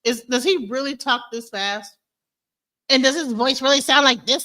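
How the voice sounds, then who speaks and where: A woman hosting a stream, reacting to clips in casual, animated and incredulous commentary that she speaks straight to her viewers. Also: sits high, measured pace. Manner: animated, incredulous, talks to viewers as "bro" and "y'all". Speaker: stream host.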